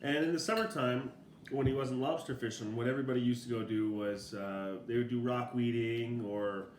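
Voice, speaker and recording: A man's voice: mid-range voice, normal speed, slight background noise. Laid-back middle-aged man, roomy echo. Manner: relaxed and rambling, laughs often while telling. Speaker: father telling a family story. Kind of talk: casual storytelling.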